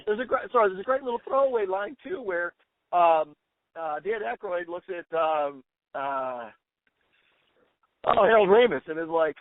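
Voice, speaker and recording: An enthusiastic man co-hosting a casual podcast chat, his pitch sitting a little high. He gushes and quotes lines with energy. The sound is thin and phone-like, with no room echo. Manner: excited, quick to quote lines. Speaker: podcast co-host. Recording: tinny phone-like sound, dry.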